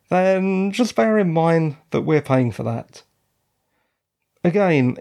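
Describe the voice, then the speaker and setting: A British man with a fairly high, darkish voice hosts his own podcast, talking casually on his own and tossing in wry asides while his voice cracks slightly.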